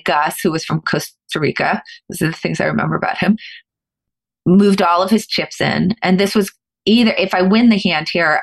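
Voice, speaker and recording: A middle-aged woman, a podcast guest, telling a story in an animated, fast-flowing way with frequent restarts. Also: on the low side. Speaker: guest, former professional poker player.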